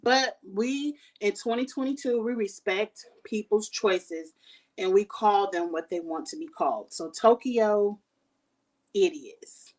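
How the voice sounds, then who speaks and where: A woman's voice: mid-range voice, slow, a little mellow, recorded from a distance. A woman hosting a casual review vlog, recapping a reality show in a sassy, shady, blunt way.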